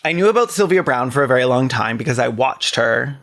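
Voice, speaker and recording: A man's voice: medium pitch, expressive, a little fast, creaky, a bit bright. A man co-hosting a podcast, reading a memoir passage earnestly and then chatting casually and a bit profanely. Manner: earnest, emotional reading; rambling, profane chat. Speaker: podcast co-host.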